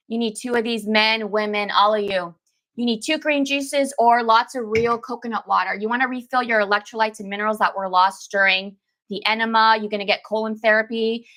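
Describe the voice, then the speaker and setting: Fairly high-pitched and fairly bright, a woman's voice carries a detox coach's casual live-stream talk. She stresses her points through repetition and calls her viewers "baby" and "girl."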